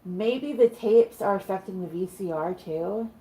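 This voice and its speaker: Woman player at a tabletop game, chatty, thinks out loud. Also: mid-range voice, measured pace, low-quality recording. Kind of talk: casual tabletop play.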